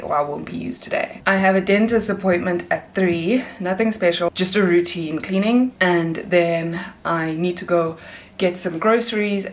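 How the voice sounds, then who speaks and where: Chatty woman vlogging. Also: fairly low pitch. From South Africa. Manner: chatty, rambling, laughs easily. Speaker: flight attendant vlogger. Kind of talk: casual vlog chat.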